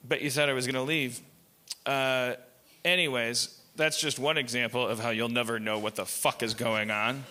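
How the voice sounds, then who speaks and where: Bright-voiced man riffing on a live stage. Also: mid-range voice, fairly even intonation, normal speed. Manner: profane, riffing, meandering. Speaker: podcast host. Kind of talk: rambling live comedy monologue. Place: live stage at a comedy festival.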